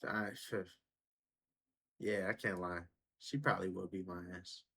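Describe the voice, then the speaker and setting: Male reaction host, husky voice, blunt and profane, casual slang delivery. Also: low-pitched, fairly even intonation, measured pace, fairly bright tone.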